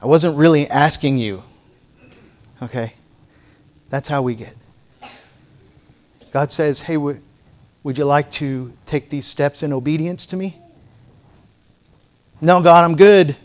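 A man's voice: on the high side, a little slow, pauses often. A middle-aged male pastor preaching a sermon, moving from playful storytelling to fervent exhortation.

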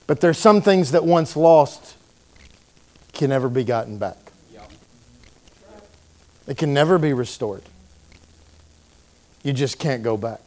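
A man preaching a sermon in a church, telling the story with animated delivery and acting out the voices of its people. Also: mid-range voice, slow pace, pauses often. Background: congregation calling out responses.

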